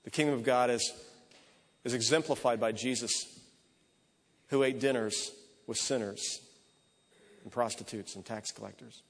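Storytelling preacher in an echoing hall. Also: male voice, medium pitch, steady tone, unhurried, pauses often. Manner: conversational, repeats "and". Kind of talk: sermon storytelling. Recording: echoey hall.

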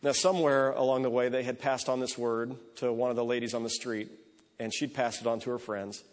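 A man's voice: medium pitch, level tone, fairly quick. A man preaching a sermon, telling a story in a conversational way that strings lines together with repeated ands. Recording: echoey hall.

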